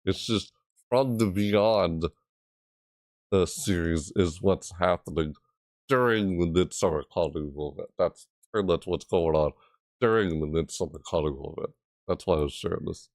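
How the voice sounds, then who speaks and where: A man's voice: low voice, moderate pace, a little mellow, no room sound, studio quality. A man giving casual, rambling game commentary, thinking aloud and hesitating often. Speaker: gaming video creator.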